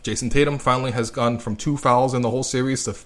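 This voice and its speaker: A young man from Canada hosting a solo sports podcast, talking in a sarcastic, rambling and excitable way. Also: mid-range voice, quick pace. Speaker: podcast host.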